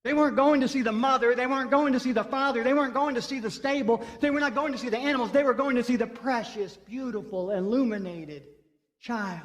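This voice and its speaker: With an extremely high, fast, slightly bright voice, a man preaches as pastor, narrating a story and repeating phrases for emphasis. The sound carries the long reverb of a church sanctuary.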